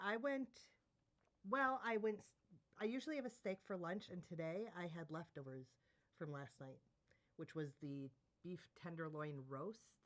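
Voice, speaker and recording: A woman's voice: low voice, fairly bright tone. A woman co-hosting a casual livestream, reacting to comments and chatting about her day. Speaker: co-host.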